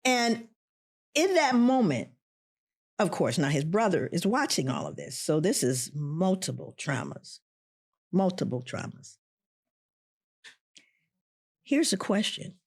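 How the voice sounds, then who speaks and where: Guest spot: middle-aged woman, husky, lowish voice, lively storyteller. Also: slow, pauses often. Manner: animated, voices the people in her story. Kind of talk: personal storytelling.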